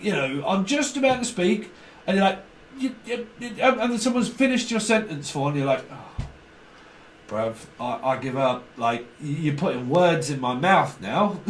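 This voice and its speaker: A man's voice: high voice, sing-song, normal speed. A man reading tarot in a casual monologue, rambling, swearing, laughing often and mimicking other people. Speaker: tarot reader. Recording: echoey room, some distance from the mic, faint noise.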